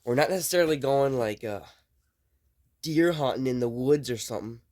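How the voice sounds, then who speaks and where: A young man, chatting casually to camera as an outdoors vlogger, rambling and folksy, his voice still rough from a recent illness. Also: mid-range voice, normal speed, a little mellow. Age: young adult. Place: outdoors at a farm in winter.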